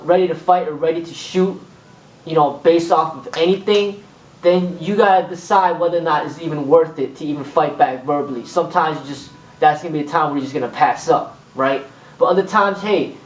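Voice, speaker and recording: A man giving an informal spoken lesson as a kung fu instructor, rambling and acting out exchanges. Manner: rambling, repeats "boom" and acts out exchanges. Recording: echoey room, mic far off.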